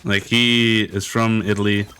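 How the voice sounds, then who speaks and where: A man's voice: lowish voice, little pitch movement, unhurried, pushed and bright. A young man streamer chatting casually while he plays, rambling and hesitant with lots of fillers. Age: young adult. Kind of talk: casual chat while gaming.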